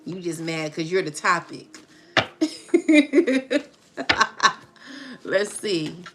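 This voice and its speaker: A woman's voice: sits low, steady tone, measured pace, bright, forceful tone, a little hiss or hum. A woman doing a casual tarot reading, taunting and laughing as she talks to her viewers. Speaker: tarot reader. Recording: music playing underneath. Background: music.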